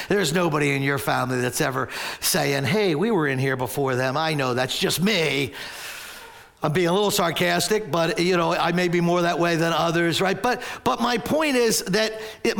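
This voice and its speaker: High, gravelly-voiced male pastor preaching. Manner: storytelling, animated with loud exclamations. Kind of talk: sermon.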